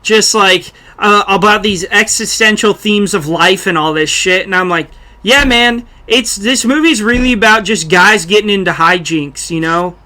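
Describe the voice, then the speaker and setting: A man's voice: high voice, normal speed, pushed and bright. A young man hosting a casual podcast chat, loose and joking, who keeps slipping into celebrity impressions. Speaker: podcast host.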